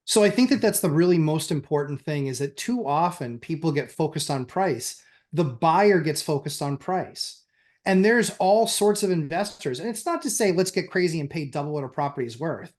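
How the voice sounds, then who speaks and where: A man's voice: on the high side, lively intonation, moderate pace, darkish tone. A man co-hosting a podcast, casually explaining his points step by step. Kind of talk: casual real estate chat.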